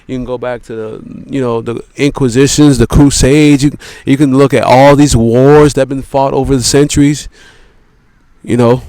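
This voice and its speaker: Smooth-voiced man ranting, dry close sound. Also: mid-range voice, fairly even intonation, moderate pace, warm tone, no room sound. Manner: profane, repetitive, peppered with "you know" and "man". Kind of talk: rambling philosophical monologue.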